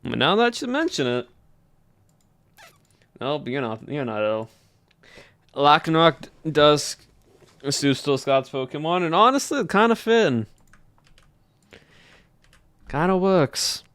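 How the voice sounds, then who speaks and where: This streamer, a Southern US man, talks slowly and in a sing-song way, pausing often as he casually chats and thinks aloud while polling his livestream viewers. His fairly high voice is fairly bright, clear and resonant, with no echo.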